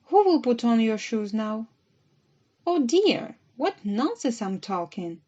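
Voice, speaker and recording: A woman's voice: on the high side, very animated, slow, mellow, muffled recording, full character voice. A woman doing Alice, a puzzled young girl. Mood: astonished. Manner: exclaiming, wondering aloud.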